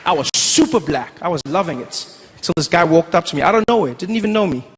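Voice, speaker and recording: South african man, stand-up storyteller, high lively voice, loud background noise. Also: quick pace. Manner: animated, slips into put-on voices. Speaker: stand-up comedian.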